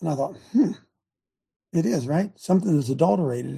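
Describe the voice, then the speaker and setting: Older man with a gravelly, dark voice. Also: a little high, expressive, fairly quick. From United States. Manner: preachy, emphatic, repeats words and restarts. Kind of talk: opinionated Christian talk.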